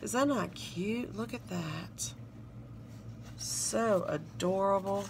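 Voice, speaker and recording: Slow-talking Southern woman vlogger. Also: medium pitch, gravelly, background noise. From South Carolina, US. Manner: gushing, reads sticker phrases aloud. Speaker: planner sticker vlogger. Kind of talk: casual show-and-tell narration.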